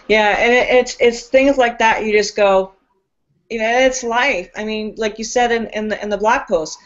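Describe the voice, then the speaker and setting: A woman's voice: medium pitch, highs cut off. A woman hosting a talk show, speaking in a casual, emphatic way with long, loose, philosophical runs. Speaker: host.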